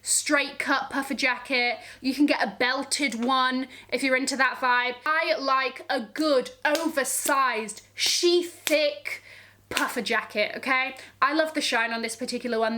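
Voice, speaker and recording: A woman's voice: high-pitched, sharp tone. A woman vlogging about fashion, sassy and gushing, full of slang and frequent "okay?" check-ins. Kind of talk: casual to-camera fashion chat.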